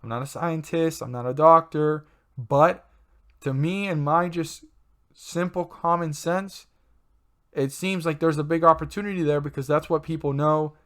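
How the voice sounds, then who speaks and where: A man's voice: on the high side, steady tone, normal speed, a bit bright. A man hosting his own stock channel, talking in a loose, rambling way, with many fillers and self-corrections. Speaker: stock market channel host. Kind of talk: casual rambling commentary.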